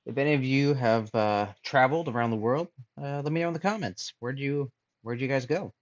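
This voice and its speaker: A man chatting casually on a drawing stream, musing aloud softly as he sketches. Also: mid-range voice, a little fast, no echo, lo-fi sound. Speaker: streamer and artist. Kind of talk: casual chat while drawing.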